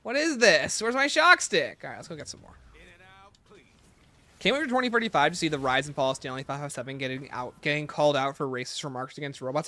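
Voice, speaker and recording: A man's voice: a little high, expressive, fast talker, sharp tone, no echo. A young man chatting casually with his viewers while playing a zombie shooter, rambling and joking. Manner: joking, rambling banter with chat. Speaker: gaming livestreamer. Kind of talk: casual livestream commentary.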